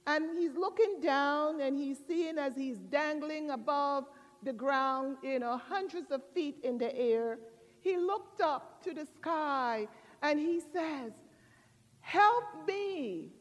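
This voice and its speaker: Woman pastor, sermon delivery, slow and measured, long church reverb. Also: high voice. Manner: expressive storytelling with drawn-out emphasis.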